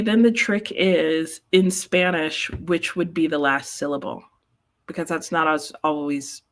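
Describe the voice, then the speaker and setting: A woman's voice: deep voice, a bit bright. A woman hosting a live reading stream, chatting casually and rambling to her viewers while sounding sleepy. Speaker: host of live reading sprints. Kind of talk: casual livestream chat.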